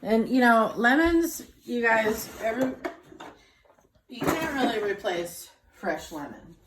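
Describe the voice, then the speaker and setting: Slow-talking woman cooking in her kitchen. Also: lowish voice. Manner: chatty, relaxed, thinks aloud. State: wheezing, coughing now and then. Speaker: cooking show host. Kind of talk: casual cooking demonstration. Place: home kitchen. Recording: kitchen clatter behind.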